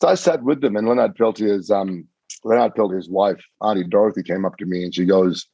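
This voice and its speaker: A man, a podcast guest, telling a story in an earnest, animated way. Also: lowish voice, fairly quick, vocal fry, breathy edge, dry recording, lo-fi sound. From Australia. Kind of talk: storytelling in conversation.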